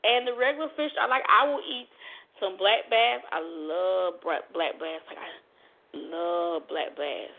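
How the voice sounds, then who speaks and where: Gravelly woman chatting on a tinny line. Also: fairly low pitch, measured pace. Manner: chatty, addresses listeners as y'all. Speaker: podcast host. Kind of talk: casual solo chat. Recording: tinny phone-like audio.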